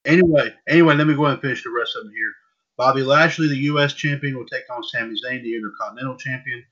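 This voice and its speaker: A podcast host with a medium-pitched, fairly bright voice talks fast on a casual wrestling news show, rambling and repeating himself. The audio is dull and lo-fi.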